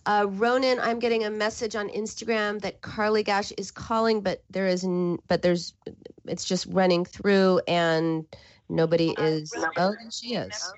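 A woman's voice: medium pitch, steady tone, a little slow, muffled recording. A woman hosting a call-in radio show, talking earnestly and conversationally with some restarts.

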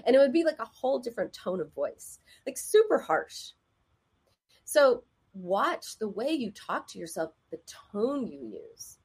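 A woman's voice: a little high, sing-song, a little slow, a little mellow, breathy edge. A woman therapist giving advice in a casual, conversational way, often acting out the voices of people she quotes.

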